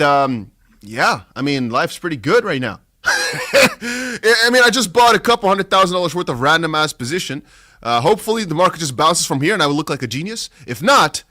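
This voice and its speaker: Lively, bright-voiced male stream host. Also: fairly high pitch. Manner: animated, laughing, talks to viewers as lads. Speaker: livestream host. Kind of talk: casual livestream chat.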